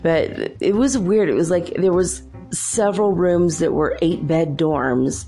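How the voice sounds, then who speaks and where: In a slow, mellow delivery, a low-voiced woman with a gravelly rasp rambles through a chatty story on her podcast. She laughs frequently while soft guitar music plays in the background.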